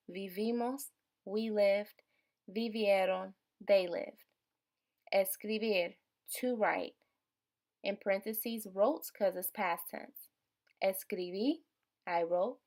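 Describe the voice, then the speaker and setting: Slow, patient woman tutor. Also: medium pitch. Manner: patient, explains step by step, often checks in with "okay?". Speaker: online Spanish tutor. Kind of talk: recorded video lesson.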